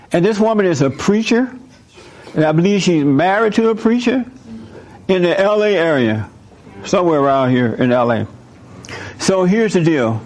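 Male host, slightly high voice, animated preachy monologue, questions the audience. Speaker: host speaking to a live audience.

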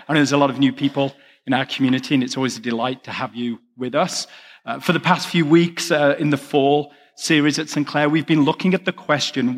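A man's voice: mid-range voice, big-room sound. A man with an English accent, a pastor preaching a sermon with chatty, self-deprecating asides. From England.

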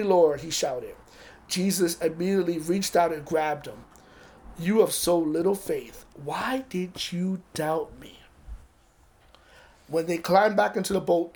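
Lively, casual male preacher. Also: fairly high pitch. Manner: casual, conversational preaching with asides and restarts. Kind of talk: sermon.

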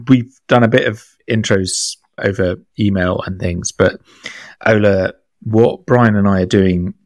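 A man co-hosting a podcast, moving between a read intro and lively casual chat, laughing often. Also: on the low side, slow, no room sound. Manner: enthusiastic, laughs often, quotes himself in raised voice. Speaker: podcast co-host.

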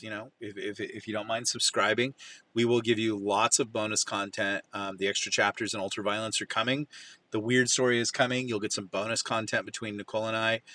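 A man's voice: on the low side, bright, forceful tone. A man hosting a podcast, telling a long anecdote in a casual, rambling way full of fillers. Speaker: podcast host. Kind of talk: casual chat.

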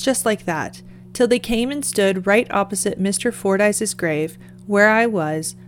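A woman voicing an excited rustic gravedigger who eagerly tells a strange tale, in a storybook reading. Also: mid-range voice, slight background noise, natural voice.

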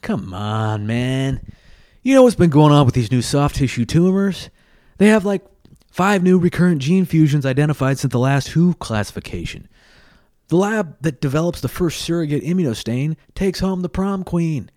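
A man's voice: fairly high pitch, animated, moderate pace, a little mellow, no room sound, studio quality, voice pushed up, close to an everyday voice. A man reading a story and voicing a giant, boastful talking gorilla. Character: giant talking gorilla, brash lab animal.

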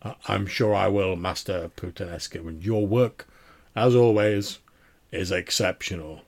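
A man voicing a deep-voiced, haughty aristocratic male baron in a tabletop game. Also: steady tone, measured pace. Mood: grand. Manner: haughty, imperious.

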